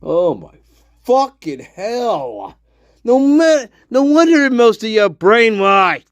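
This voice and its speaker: A man hosts his own livestream and rambles in a loose, profane way, laughing as he goes. He talks slowly, and his pitch swings widely. The sound is dry and close, with no room echo. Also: very animated, lo-fi sound. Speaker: host of a one-man show. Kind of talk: casual livestream chat.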